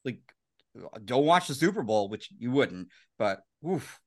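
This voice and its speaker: Male podcast co-host, from the US, explanatory, opinionated, mid pitch. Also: big pitch swings, unhurried. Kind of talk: casual podcast chat.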